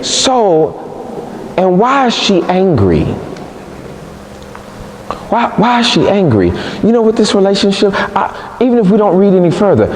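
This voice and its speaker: A man evangelist preaching a sermon in a church, in an animated, humorous, conversational way, recorded in an echoey church hall. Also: high voice, a little hiss or hum.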